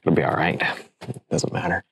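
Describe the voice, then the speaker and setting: A man's voice: fairly quick, no echo, studio quality. A man demonstrating oil painting, talking casually and thinking aloud as he works, encouraging the viewer. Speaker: painting instructor.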